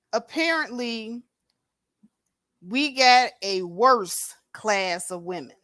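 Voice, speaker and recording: A woman's voice: medium pitch, fairly bright tone, no echo, clean studio sound. A woman hosting a livestream, speaking bluntly and confrontationally with heavy profanity into a plug-in microphone. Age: adult with a grown daughter. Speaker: livestream host. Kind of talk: unscripted livestream commentary.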